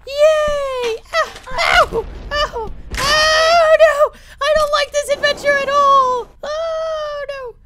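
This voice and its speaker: A woman voicing a whiny young boy who is the player's son, in a high squeaky tone. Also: fairly even intonation, very slow, exaggerated voice. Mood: yelping. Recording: background noise.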